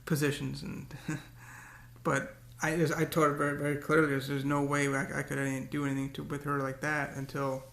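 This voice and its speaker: Rambly guy vlogging, keeps repeating himself, swears a lot, raspy fry in his voice. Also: fairly high pitch, completely flat delivery, brisk, fairly bright tone, echoey room. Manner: rambling, repeats words, cursing rants. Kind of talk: casual rambling monologue.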